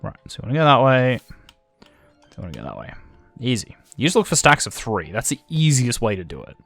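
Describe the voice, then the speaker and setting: A gravelly-voiced Australian man talks through a video game in a casual, self-deprecating way, thinking aloud as he goes. His pitch jumps around a lot. The sound is close and dry, with faint game music underneath. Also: huge pitch swings, fairly quick, fairly bright tone, dry recording. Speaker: gaming channel host. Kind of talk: let's-play commentary.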